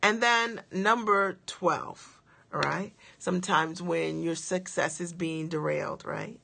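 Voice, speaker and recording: Gravelly, bright-voiced woman coaching. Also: on the low side. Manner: emphatic, checks in with the audience after each point; asks rapid rhetorical questions. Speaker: business coach. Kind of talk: motivational coaching livestream.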